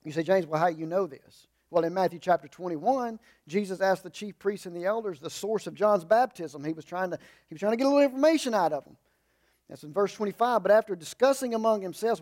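A man with a high voice preaching in a relaxed, folksy way, stopping for humorous asides. He stresses points in raised bursts, then drops into low, quiet remarks. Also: quick pace. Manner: shifts between emphatic raised lines and low asides. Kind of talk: conversational sermon.

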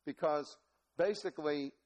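A man preaching a sermon as pastor, telling a story in an animated, folksy way with laughter. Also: fairly high pitch, measured pace.

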